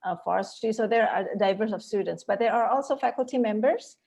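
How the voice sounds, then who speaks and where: A woman's voice: medium pitch, a little fast, gravelly. A woman moderating a lecture Q&A over a video call, with lots of laughter and fillers. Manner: warm praise, frequent laughter, many fillers. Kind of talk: hosting an online lecture Q&A.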